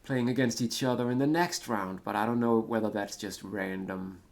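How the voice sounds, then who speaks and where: Gravelly Danish man rambling over gameplay. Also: on the low side, moderate pace. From Denmark. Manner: rambling, hesitant, self-deprecating. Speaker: gaming commentator. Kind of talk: casual let's-play commentary.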